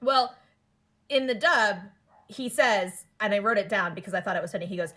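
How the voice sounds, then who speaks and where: A woman co-hosts a casual podcast in a medium-pitched voice. She talks in a chatty, rambling way, full of fillers, and laughs often as she retells the story. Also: normal speed, sharp tone. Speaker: podcast co-host. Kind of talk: casual chat recapping a cartoon.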